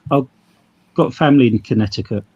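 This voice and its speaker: A man's voice: mid-range voice, a little fast, warm tone, husky, highs cut off. A man, a guest on a livestream, chatting casually and a bit hesitantly, often saying "mate". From England. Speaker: stream guest.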